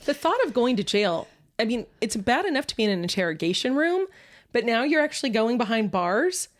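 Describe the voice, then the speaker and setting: A woman's voice: on the high side, big pitch swings. A woman co-hosting a true-crime podcast, chatting casually with joking asides. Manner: joking asides and quick agreement. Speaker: podcast co-host.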